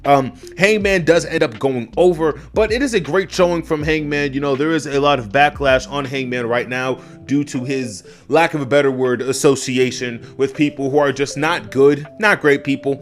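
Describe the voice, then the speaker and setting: Profane, animated man reviewing wrestling. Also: mid-range voice, moderate pace, few pauses, faint music behind. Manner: animated, profane, addresses chat, bursts into loud yelled asides. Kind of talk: casual solo review rant.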